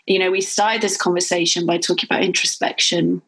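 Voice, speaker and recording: A woman's voice: on the low side, flat delivery, a little fast, fairly bright tone, slightly rough, poor audio. A woman hosting a podcast interview, talking in an engaged, thoughtful way and asking follow-up questions. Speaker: podcast host.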